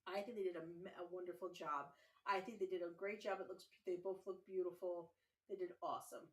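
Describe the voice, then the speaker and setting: A woman hosting a casual gaming livestream, chatting warmly with her viewers and sounding tired and yawning. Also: on the low side, fairly even intonation, fairly quick.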